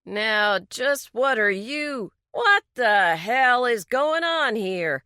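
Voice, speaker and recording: A woman voicing an irate, gruff older male garage owner, loud and indignant. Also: on the high side, expressive, drawn-out words, dry recording, clean studio sound, voice pushed up, heavily acted.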